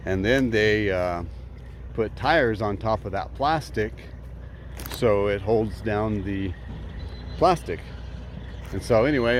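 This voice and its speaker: A man, a farmer talking casually to the camera outdoors with dry, sarcastic humor. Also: fairly low pitch. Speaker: farmer vlogger. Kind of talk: casual vlog walkaround. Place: outdoors on a farm. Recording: faint outdoor noise.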